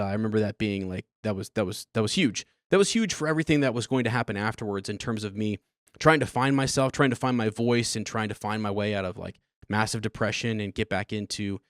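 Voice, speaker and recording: A man's voice: lowish voice, fairly quick, no echo, clean studio sound. A man in his thirties hosting a podcast, telling his personal story in a rambling, earnest and emotional way. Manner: rambling, earnest, emotional, with many restarts and laughs. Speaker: podcast host.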